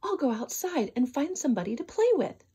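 A woman voicing a bored, eager young male rabbit in a children's storybook reading, whiny and excitable. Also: high voice, fairly quick, pitched above the performer's own voice.

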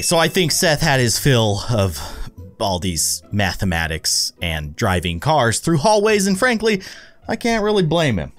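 A man in his thirties hosting a let's-play at home, excitably gasping and laughing as he comments on a scary game. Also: medium pitch. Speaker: gaming video host. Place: home with his young son nearby.

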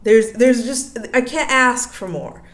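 A woman's voice: on the high side, expressive, takes it slowly. A young woman hosting a casual solo podcast, chatting with lots of likes and you-knows and laughing often. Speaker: podcast host.

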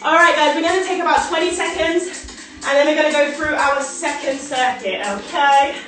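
A high-voiced young woman speaking at normal speed over music guides a live workout, counting reps and encouraging people while short of breath herself. Her manner is upbeat and encouraging as she calls counts and cues. The sound comes from a very echoey room with a distant mic.

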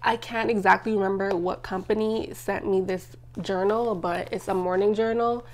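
A woman's voice: medium pitch, fairly even intonation, normal speed, a little hiss or hum. Young woman confiding on her vlog. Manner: emotional, tearful at times, frequent "like" fillers. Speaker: vlogger. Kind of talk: personal life-update vlog.

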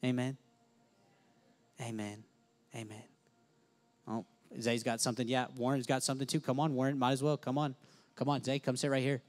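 A young man preaching at a church service, retelling a story with lots of energy. He jumps from loud, excited exclaims down to hushed whispers. His voice sits in a middle pitch. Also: quick pace. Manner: animated, swings from loud exclaims to soft whispers. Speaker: pastor. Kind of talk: sermon storytelling.

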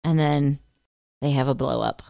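A woman co-hosting a podcast, chatty and quick to laugh, telling stories in casual conversation. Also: very deep voice, gravelly, mellow, dry recording. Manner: chatty, laughs often, storytelling. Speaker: podcast co-host. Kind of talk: casual chat.

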